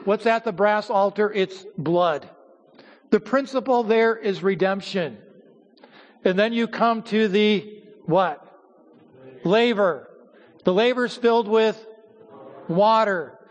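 A man preaching a sermon to his church as its pastor, teaching at a measured pace with pauses and repeated words. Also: high-pitched, lo-fi sound. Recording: hall reverb.

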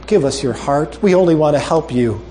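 A male preacher closing a sermon with a story, making earnest, repeated appeals and dropping soft and low for emphasis. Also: animated, moderate pace, slight background noise.

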